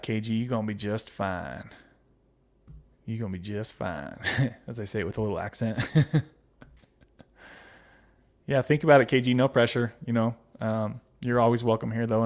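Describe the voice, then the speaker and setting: A man with a fairly low, creaky voice hosts a casual livestream. He reads viewer comments aloud and answers them in a chatty way, with lots of fillers and laughs.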